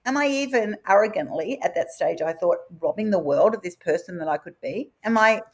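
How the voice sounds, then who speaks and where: A woman, telling her own career story in an animated interview and acting out quoted dialogue. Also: fairly quick. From Australia. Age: 50s. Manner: lively, acts out quoted dialogue with big pitch swings. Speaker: podcast host sharing her story.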